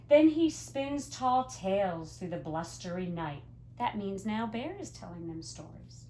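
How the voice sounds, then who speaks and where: A woman teacher reading a picture book aloud to young children, gently explaining words as she goes. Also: medium pitch, unhurried, a little hiss or hum. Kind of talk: storybook read-aloud to children.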